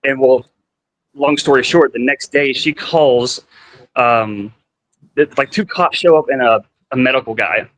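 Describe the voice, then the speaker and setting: On a low-quality recording, a male guest tells stories in a relaxed chat, his mid-range, fairly bright voice moving a little slowly. He wanders through his points with constant "like" fillers and performs other people's lines.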